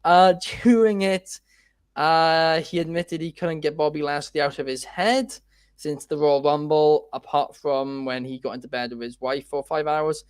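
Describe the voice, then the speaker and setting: Man, co-host, casual chat, fairly high voice, dry close sound, lots of fillers. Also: a little slow, smooth, dry recording. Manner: chatty, frequent fillers and restarts. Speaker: podcast co-host.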